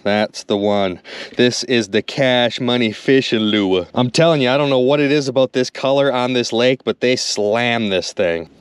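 A man vlogging while ice fishing outdoors on a frozen lake, talking excitedly to his viewers and exclaiming often. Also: mid-range voice, normal speed, clear, resonant tone, no room sound. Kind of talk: excited outdoor vlog narration. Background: wind and outdoor ambience.

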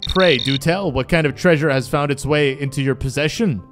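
A man's voice: a little high, moderate pace, over music, natural voice. A theatrical male neighbor from a video game, voiced by a speech synthesizer, speaking in grand, archaic phrases. He sounds pompous and formal, weighing every visitor at his door. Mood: curious.

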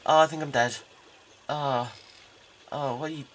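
A man giving jokey, excitable let's play commentary. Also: medium pitch, a little slow, long pauses. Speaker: game commentator.

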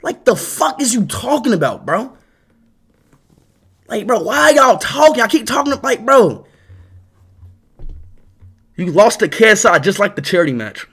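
A man's voice: high-pitched, sing-song, a little slow, long pauses, fairly bright tone, husky. A young man livestreaming, ranting at his chat with constant swearing and repeated "bro".

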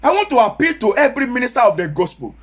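A man with a Nigerian Yoruba accent, preaching a sermon as pastor, sometimes rising to shouts. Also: extremely high pitch, sing-song, racing.

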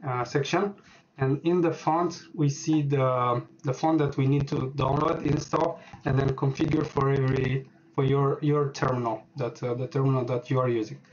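A man walking through a software setup on screen, speaking hesitantly with many filler words as he types. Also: mid-range voice, steady tone, normal speed, lo-fi sound, a little hiss or hum. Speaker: programming tutorial host. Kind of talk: screen-recorded software tutorial.

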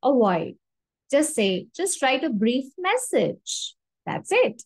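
A woman teaching English vocabulary to camera, animated, repeating each example phrase with emphasis and checking in with "okay?" often. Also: a little high, slow pace, dry recording. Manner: frequent checking "okay?" and "yeah?". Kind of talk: video lesson to camera.

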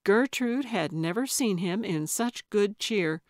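A woman narrating a cozy mystery audiobook in measured, even storytelling on a close studio mic. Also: mid-range voice, dry recording. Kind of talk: scripted narration.

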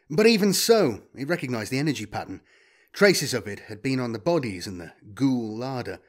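A man narrating a sci-fi action story in a dramatic, expressive style. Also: medium pitch. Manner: expressive, lively delivery. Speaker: audiobook narrator.

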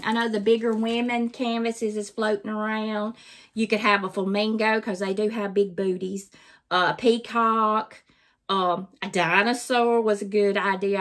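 Folksy Southern grandma with a Mississippi drawl. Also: female voice, a little high, fairly bright tone. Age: older. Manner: folksy, rambling, homespun sayings. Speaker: crafting channel host. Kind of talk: casual vlog chat to viewers.

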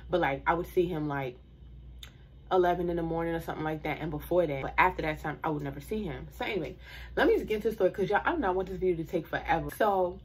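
Chatty young woman with a husky voice. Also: lowish voice. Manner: chatty, slangy, laughing asides to viewers. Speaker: vlogger telling a story. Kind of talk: casual storytime monologue.

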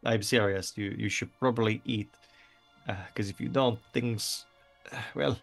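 A man's voice: fairly low pitch, steady tone, a little slow, creaky, faint music behind. A man voicing an insistent male mage professor in a put-on French accent, stammering and pushy.

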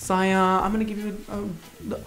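A man's voice: sits high, completely flat delivery, normal speed, fairly bright tone, faint music behind. A man talking casually in a reaction video, gushing with dramatic exclamations and lots of "like".

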